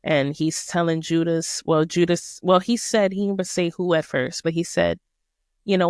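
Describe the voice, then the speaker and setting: Gravelly woman, slangy Bible talk. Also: lowish voice, steady tone, moderate pace, a little mellow, no echo, clean studio sound. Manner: slangy, emphatic, conversational. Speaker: podcast host. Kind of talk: casual Bible study talk.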